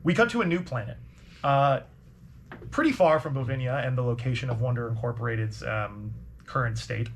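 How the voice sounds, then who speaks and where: A man's voice: medium pitch, brisk, creaky, a little hiss or hum. A man narrating as game master with loose, rambling delivery.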